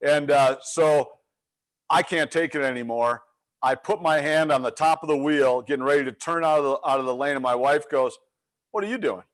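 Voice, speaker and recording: This middle-aged leadership coach has a voice on the high side and talks at a moderate pace. He tells a lively story in a webinar, voicing the characters as he quotes them.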